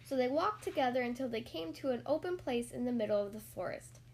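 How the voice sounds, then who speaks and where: A woman reading a children's storybook aloud in a lively, sing-song manner, doing the voices. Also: fairly high pitch, fast, slight background noise.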